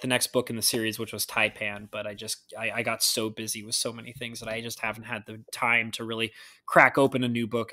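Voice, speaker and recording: A man's voice: medium pitch, bright, forceful tone. A man hosting a casual podcast chat, teasing his guests and laughing often. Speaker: podcast host.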